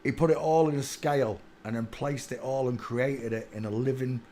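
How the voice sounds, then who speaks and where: A man hosting a live stream, rambling through a monologue and now and then bursting into excited shouts. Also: mid-range voice, moderate pace, a little hiss or hum. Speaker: livestream host.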